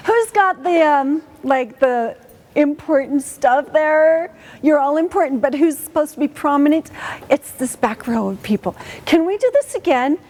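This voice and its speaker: High-voiced woman coaching an orchestra. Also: measured pace. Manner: lively, encouraging, asks the players many questions. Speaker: orchestra clinician coaching students. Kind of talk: rehearsal coaching. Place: high school auditorium.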